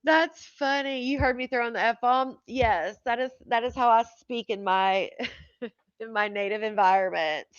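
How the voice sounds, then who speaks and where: A woman's voice: a little high, normal speed, clean tone, no echo, muffled recording. A woman hosting a live stream, chatting casually to her viewers, swearing freely and laughing often.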